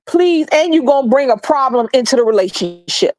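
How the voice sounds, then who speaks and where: A woman's voice: sits high, lively intonation, fairly quick, a little mellow, no echo. Heated, profane woman ranting. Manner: blunt, profane, heated, repeats for emphasis. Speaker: streamer sharing opinions. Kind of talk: passionate ranting monologue.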